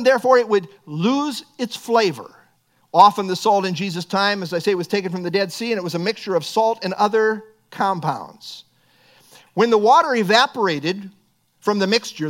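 High-voiced earnest male preacher. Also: a bit bright. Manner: earnest preaching, rising to emphatic bursts. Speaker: pastor. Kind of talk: sermon.

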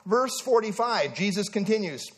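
A man preaching a sermon to a congregation, emphatic and animated, often restarting his phrases. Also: high-pitched, moderate pace.

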